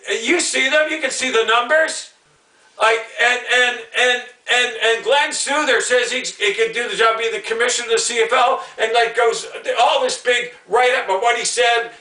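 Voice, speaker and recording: Middle-aged guy yelling a sports rant, really high sharp voice, far from the mic in a roomy space. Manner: shouting, blunt, repetitive. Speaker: sports vlogger. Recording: echoey room, distant mic.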